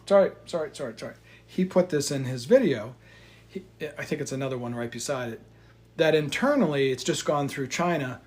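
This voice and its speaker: A man's voice: mid-range voice, brisk. A man hosting his own channel, reacting bluntly to a video clip, rambling with profanity. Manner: blunt, swearing, rambling asides. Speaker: commentary channel host.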